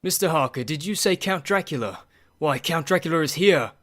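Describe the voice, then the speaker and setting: A man's voice: fairly high pitch, lively intonation, brisk, a bit bright. A man voicing an earnest, devoted doctor in a radio play, speaking urgently. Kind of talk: community radio play acting.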